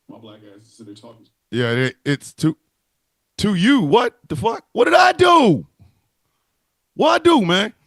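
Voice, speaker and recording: This wrestling livestream co-host talks at a medium pitch, captured in a dry recording. Over a video call he trades jokes and curses in loose, animated banter.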